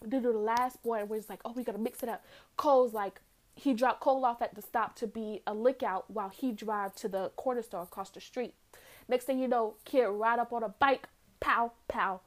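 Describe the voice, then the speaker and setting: A young woman with a fairly high voice recaps a movie in a casual vlog, animated throughout and acting out the characters' lines as she goes.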